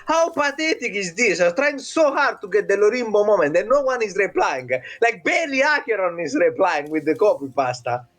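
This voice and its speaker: A man's voice: sits high, sing-song, fairly quick, few pauses, fairly bright tone. A man casting an esports match in a casual, mocking style, teasing his co-caster and laughing often. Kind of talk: casual game commentary.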